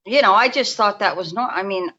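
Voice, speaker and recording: Bright-voiced New woman in her fifties. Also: medium pitch, brisk, highs cut off. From New York. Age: 50s. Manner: rambling, restarts often, speaks in a confiding way. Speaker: guest energy healer. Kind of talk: casual storytelling interview. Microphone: remote call.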